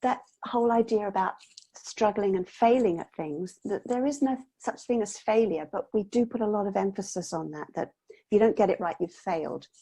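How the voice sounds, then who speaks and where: A woman's voice: mid-range voice, moderate pace, dark tone, breathy edge. A woman guest explaining mindset strategies to parents in an earnest, explanatory way on a video call. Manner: earnest, explanatory, acts out children's voices. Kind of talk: casual interview chat.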